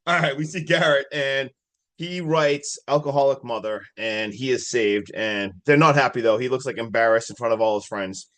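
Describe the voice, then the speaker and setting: A podcast co-host with a mid-range voice, speaking at normal speed, excitedly retells a horror movie plot during casual chat. His talk is full of fillers and swearing.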